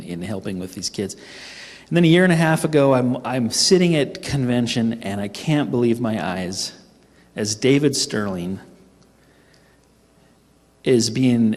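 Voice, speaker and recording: A middle-aged man telling a funny personal story at a team training, animated and self-mocking. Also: medium pitch. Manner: animated, humorous, acts out his own panicked voice. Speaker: speaker at a sales team training. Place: event hall. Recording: echoey hall reverb.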